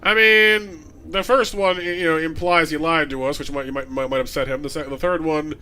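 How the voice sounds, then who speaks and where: A man's voice: a little high, steady tone, normal speed, sharp tone. A man streaming a game live, chatting casually to viewers with stammering restarts and light chuckles.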